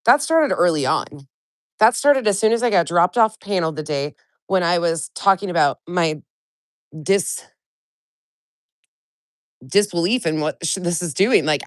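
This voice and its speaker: With a stuffy nose from a cold, a woman runs a casual live stream, calling out chatters by name and swearing freely as she vents bluntly. Her voice is low, and the studio-quality audio has no echo.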